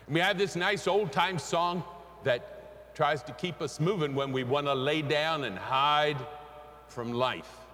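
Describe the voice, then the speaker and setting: A man's voice: a little high, a little slow, sharp tone, big-room sound. A man preaching a sermon who breaks into a spiritual and leads the congregation in call and response. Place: church sanctuary.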